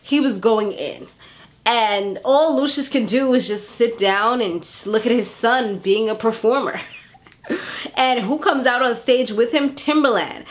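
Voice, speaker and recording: A woman in her thirties casually recapping a TV episode in a chatty, animated way, acting out characters' lines as she goes. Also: a little high, unhurried. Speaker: TV recap vlogger. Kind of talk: casual chat.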